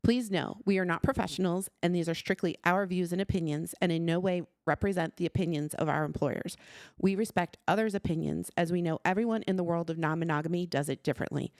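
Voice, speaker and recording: Lower-voiced woman podcast host. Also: fast, a little mellow, no room sound, studio quality. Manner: upbeat, narrates for listeners. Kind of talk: casual podcast chat.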